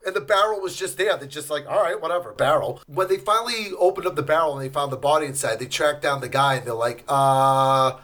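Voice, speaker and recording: A man co-hosting a podcast in casual comedic chat, animated, often jumping into high joking voices for the people he quotes. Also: fast talker, hardly any pauses. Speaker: podcast co-host.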